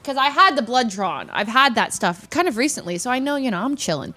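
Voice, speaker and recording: A young woman telling a story in casual chat, acting out quotes with sudden squeaky high notes. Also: a little fast. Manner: animated, acts out quotes with sudden squeaky highs. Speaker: streamer.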